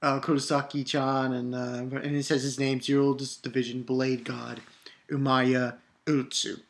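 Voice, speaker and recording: A woman giving a casual, excitable manga review, laughing often and acting out lines. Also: a bass voice, a little slow.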